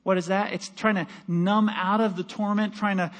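A man preaching a sermon in a high voice. He builds to emphatic peaks and then drops to a near hush, and he reads scripture aloud as if acting it out. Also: steady tone, normal speed. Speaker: pastor.

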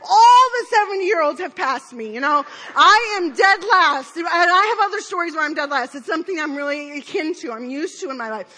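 Bright high-voiced woman telling a rambling story. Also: lively intonation, a little fast, hardly any pauses. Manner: rambling storyteller with many fillers and asides; self-deprecating, laughing at herself. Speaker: speaker at church. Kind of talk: conversational sermon with personal story.

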